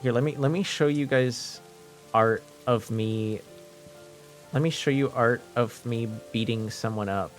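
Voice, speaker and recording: Male streamer from French Canada, unhurried delivery, playful, rambling chat that loops back on itself. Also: medium pitch, faint music behind. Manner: rambling, joking, repeats himself. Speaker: live streamer.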